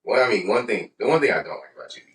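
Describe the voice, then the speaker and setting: Deep-voiced, fast-talking young man. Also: lively intonation, slight background noise. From Atlanta South Side. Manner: laid-back, hesitant, lots of fillers. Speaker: podcast co-host. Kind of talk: casual chat. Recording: roomy sound, distant from mic.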